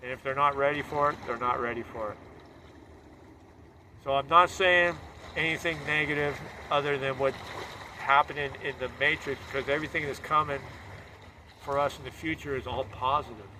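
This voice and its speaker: A man's voice: mid-range voice, moderate pace, background noise. A man delivering a fervent, preachy political monologue.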